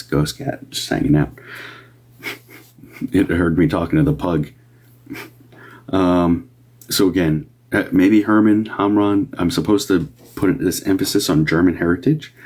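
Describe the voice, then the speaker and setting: A man's voice: deep voice, darkish tone. A man doing live medium readings on a stream, talking casually and rambling with many fillers and restarts. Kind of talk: casual livestream talk.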